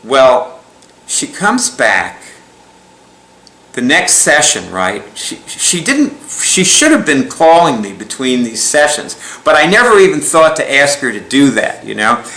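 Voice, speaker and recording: A man's voice: medium pitch, sing-song, measured pace, pushed and bright. A man telling a story in a casual, rambling way, chuckling often and restarting his sentences. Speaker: speaker recounting a client story. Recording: echoey room.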